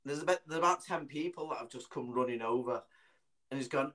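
A middle-aged man, a comedian telling a funny story in a punchy, animated way. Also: medium pitch, brisk, poor audio. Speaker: comedian, guest. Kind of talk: comic storytelling.

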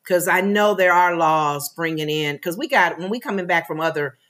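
A woman's voice: on the low side, normal speed, fairly bright tone. A woman co-hosting a casual talk show, chatting informally and laughing often. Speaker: co-host.

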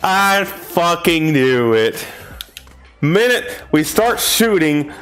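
A man's voice: very animated, slow pace. Exasperated, foul-mouthed gaming man. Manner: swings from low grumbling to high exasperated shouts. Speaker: gameplay commentator. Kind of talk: profane gameplay commentary.

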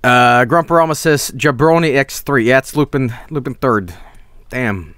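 A man's voice: medium pitch, moderate pace, a bit bright, no room sound, studio quality. A young man streaming, chatting casually and rambling, with lots of swearing and chuckles.

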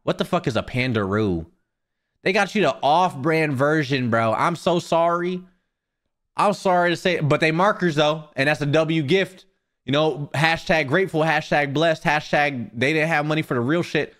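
Male streamer with a slightly high voice, foul-mouthed, animated rants. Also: normal speed. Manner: profane, animated ranting. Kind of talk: casual live-stream chat.

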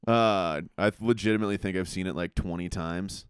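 A man's voice: sits low, fairly quick, smooth, no echo, studio quality. A man from Massachusetts joking around as a guest on a comedy podcast, laid-back and crude. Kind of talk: casual comedy banter.

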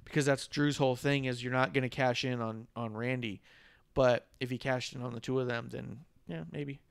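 A man's voice: mid-range voice, fairly even intonation, moderate pace, creaky, clean tone, no room sound. A man co-hosting a podcast, rambling in casual chat, swearing freely and chuckling. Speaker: podcast co-host.

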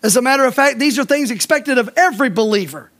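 In church, a male pastor preaches to his congregation, repeating points for emphasis and putting direct questions to the listeners. He talks fast and animatedly in an extremely high-pitched, fairly bright voice.

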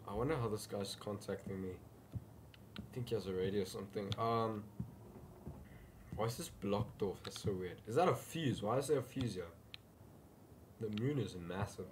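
A man hosts a gaming video, making offhand let's-play comments and quietly joking to himself. He has a fairly low, expressive voice at a moderate pace with long pauses, against background noise.

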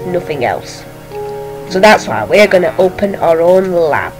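A woman's voice: fairly low pitch, very animated, unhurried, a little mellow, low-quality recording. A young woman hosting a Minecraft channel, chatting casually to a villager while she plays and now and then dropping into a whisper. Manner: chatty, talks to an in-game villager, sometimes drops to a whisper. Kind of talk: casual gameplay commentary. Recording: game music playing behind the voice.

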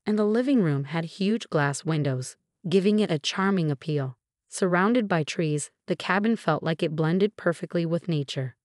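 A woman narrating a first-person story from a script, measured and even. Her voice sits on the low side, and the sound is very dry and close, with no room echo.

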